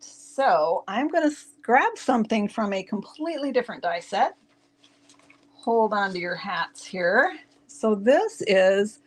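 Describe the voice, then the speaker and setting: Woman, craft channel host; casual tutorial, chatty and laughing, speaks straight to her viewers. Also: medium pitch. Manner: chatty, giggly, talks to viewers.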